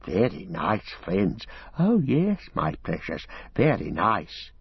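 A wretched, sly creature hisses and whines, his voice leaping up into thin squeaks and sinking again. The tone is breathy and husky. It sounds dry and slightly muffled, like a close studio read. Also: huge pitch swings, takes it slowly, dry recording, exaggerated voice. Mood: hissing, bitter. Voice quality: hissing, wheedling, jumps to high squeaks. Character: wretched hissing male creature, sly and whining. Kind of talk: audiobook character voice.

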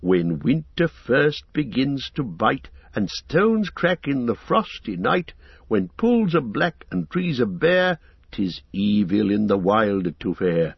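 A man's voice: mid-range voice, big pitch swings, slow pace, vocal fry, slightly rough, dry recording, highs cut off, full character voice. A man voicing an elderly male hobbit who talks in a chatty, fussing way.

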